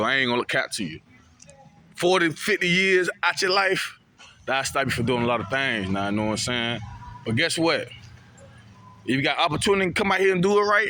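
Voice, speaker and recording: High, bright-voiced man preaching street talk. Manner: preachy, repetitive, heavy slang and swearing. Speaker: vlogger giving prison testimony. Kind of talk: street talk monologue to camera.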